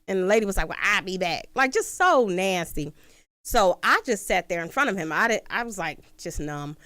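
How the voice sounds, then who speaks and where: A woman hosting a call-in talk show, telling a personal story in a casual, animated way and acting out the quoted voices. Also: medium pitch, brisk, dry recording. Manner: animated retelling with acted-out quotes. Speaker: host.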